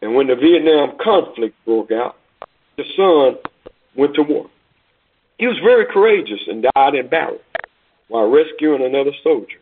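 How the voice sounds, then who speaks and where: A man preaching, telling a story in a deliberate, dramatic sermon style. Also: mid-range voice, big pitch swings, husky. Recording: tinny phone-like recording.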